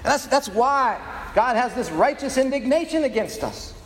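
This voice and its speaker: A man with a strikingly high voice preaching a sermon. He uses slow, weighty pauses and rhetorical questions. His voice carries a long reverb, as in a big hall. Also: big pitch swings, a little hiss or hum. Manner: dramatic preaching, rhetorical questions, sound effects. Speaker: pastor.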